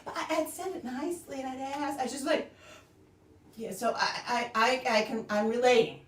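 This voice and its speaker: A woman's voice: high-pitched, normal speed. A middle-aged woman co-hosting a casual stream chat, laughing often and trailing off mid-thought. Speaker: co-host. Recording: roomy echo, distant from the mic.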